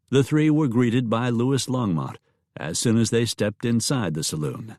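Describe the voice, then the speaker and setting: A man narrating a Western novel as an audiobook, in a steady, measured read. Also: lowish voice, no echo, studio quality.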